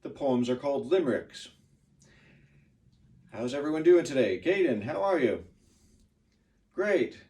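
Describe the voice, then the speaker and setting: A man teaching a pronunciation lesson to a class, patient and lively, exaggerating the stressed words. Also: medium pitch, unhurried, pauses often, far from the mic.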